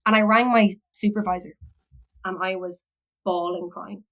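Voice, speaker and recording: Irish woman guest, rambling heartfelt storyteller, lots of fillers, medium-pitched voice. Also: steady tone, normal speed, fairly bright tone, poor audio. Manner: rambling, many fillers and restarts. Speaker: podcast guest, philosophy educator. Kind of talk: emotional personal storytelling.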